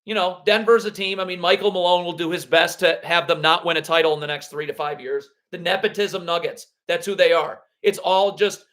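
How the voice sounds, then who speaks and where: A man's voice: sits high, steady tone, brisk, few pauses, a bit bright. A man hosting a live basketball draft reaction stream, blunt and sarcastic as he rants. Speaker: basketball livestream host.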